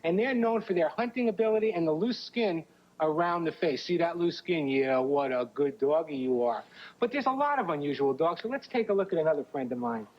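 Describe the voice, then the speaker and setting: A man's voice: sits high, animated, fast. A man presenting animals to children on a TV show in a friendly, easygoing way. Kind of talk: presenting to kids. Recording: dull 1980s TV sound.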